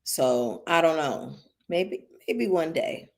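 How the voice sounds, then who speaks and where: Speaking slowly in a deep, sing-song voice, this woman hosts a casual commentary livestream. Tipsy on bubbly, the channel host curses heavily in a blunt, heated manner.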